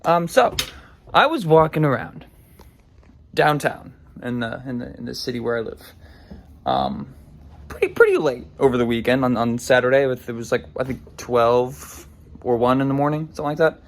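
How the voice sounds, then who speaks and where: A man's voice: medium pitch, big pitch swings, normal speed. A man telling a story casually, rambling with frequent restarts and self-deprecating humor. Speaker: vlogger.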